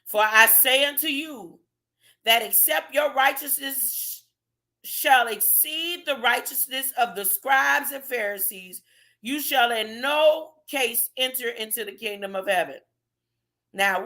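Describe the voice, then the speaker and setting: A woman preaching alone from scripture in a casual, animated way, throwing out rhetorical questions as she reads. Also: on the high side, a little slow. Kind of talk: informal solo Bible teaching.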